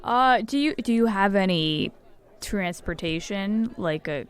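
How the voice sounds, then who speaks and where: A woman plays in a tabletop game, asking polite and practical questions in casual talk. Her voice is smooth and clear at a middle pitch. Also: animated, a little slow. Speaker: player. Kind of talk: casual tabletop role-play.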